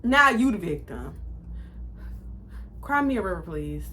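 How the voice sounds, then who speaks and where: Animated, bright-voiced young woman vlogger. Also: high-pitched, moderate pace. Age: 20s. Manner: animated, profane, acts out quotes. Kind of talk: casual storytime.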